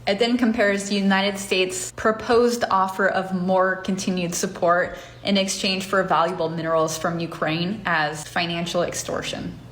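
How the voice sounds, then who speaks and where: A woman giving a measured, explanatory narration that summarizes a news article. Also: fairly low pitch, level tone, a bit bright. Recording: roomy echo with faint ambience.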